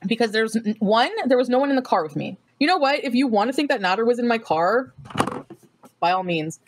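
A woman's voice: a little high, expressive, a little fast. A woman chatting casually on a livestream, rambling from topic to topic and laughing often.

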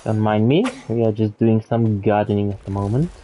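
A man's voice: fairly low pitch, steady tone, brisk, mellow, a little hiss or hum. A man streaming a video game, reacting casually, swearing now and then, and reading in-game text aloud. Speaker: gaming streamer. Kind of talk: let's play commentary.

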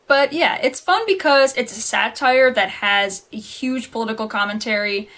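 A woman's voice: medium pitch, a bit bright. A young adult woman chatting to camera in a casual book review vlog, rambling and laughing at her own slips. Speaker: book vlogger.

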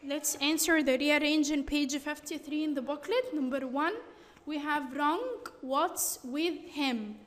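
Slow-reading woman teacher, echoey room. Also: sits high, fairly even intonation. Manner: slow, deliberate reading of answers. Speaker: English teacher. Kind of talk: reading workbook exercises aloud.

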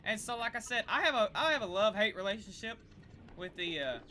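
An excitable young woman narrates her gameplay in a bright, sharp voice that swoops high and low. She gasps and chats to the creatures on screen, with a faint hiss in the background. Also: fast. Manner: excitable, gasping, talks to the creatures. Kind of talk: casual let's-play commentary.

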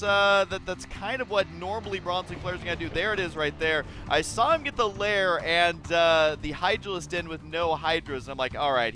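Excitable high-voiced man casting a game. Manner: excitable, jokey, often breaks into high-pitched shouts. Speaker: esports caster. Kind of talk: game commentary.

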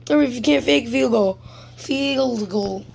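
A gaming YouTuber, this young woman comments casually on her own mobile football match, sounding exasperated as she swings from whispered mutters to sudden yelps and shouts. Her voice is a little high, unhurried and creaky, with a slight hiss or hum present.

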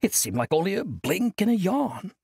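A man's voice: sits high, very animated, moderate pace, gravelly, a little mellow, slightly rough, no room sound, clean studio sound, voice pushed up, heavily acted. A man voicing an eccentric, mischievous ancient male monk who talks in a playful, grandiose way. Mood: whimsical.

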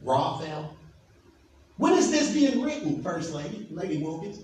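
A pastor preaching a sermon, emphatic and asking the congregation questions. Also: male voice, fairly high pitch, big pitch swings, measured pace, darkish tone. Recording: echoey hall from far off, faint noise.

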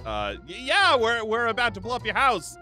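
A woman's voice: on the high side, huge pitch swings, normal speed. Ian, a woman doing a sneaky young villager guy. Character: cheeky young male Minecraft villager schemer. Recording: background music under the voice.

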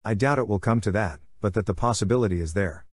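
A man voicing a calm, measured veteran male warrior-monk. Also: lowish voice, no echo, clean studio sound, natural voice.

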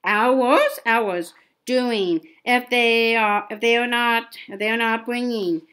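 A woman voicing a spiteful, sharp-tongued aunt while reading a novel aloud, stumbling and repeating words. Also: fairly high pitch, slow.

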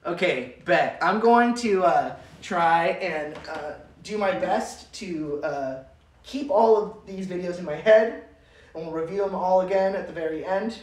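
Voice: medium pitch, measured pace. A livestream host, chatting casually about dance videos in an upbeat, rambling way full of fillers. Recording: roomy sound from a distant mic.

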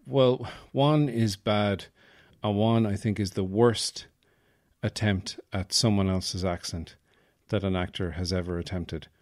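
A man's voice: on the low side, steady tone, measured pace, a little mellow, no room sound, clean studio sound. A man hosting a podcast in rambling, jokey casual chat. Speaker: podcast host.

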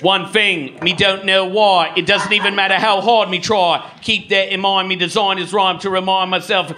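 A man impersonating a male rock singer with a put-on Cockney accent, rapping then belting loudly in a live comedy club. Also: high voice, steady tone, moderate pace. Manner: sung rap, loud and strained at the chorus. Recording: live club with crowd noise.

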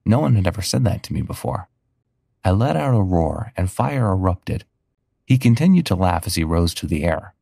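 A man with a very low voice narrates a first-person story in a steady, earnest manner. His tone is gravelly and husky, and the recording is dry and close. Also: normal speed, no echo.

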